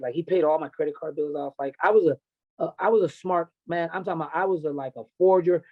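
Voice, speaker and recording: A middle-aged man with a fairly high voice recounts his past in a blunt, profane, emotional way. The audio is dull and lo-fi, like a basic podcast recording. He speaks as a coach looking back on his youth. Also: steady tone, a little fast. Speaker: podcast guest, wrestling and MMA coach. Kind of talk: candid personal storytelling.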